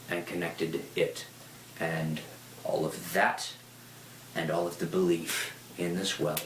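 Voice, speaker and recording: Low-voiced guy rambling through stories, swears a lot, echoey room. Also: a little hiss or hum. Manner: rambling, profane, lively storyteller. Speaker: speaker. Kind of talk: casual storytelling talk. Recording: roomy echo.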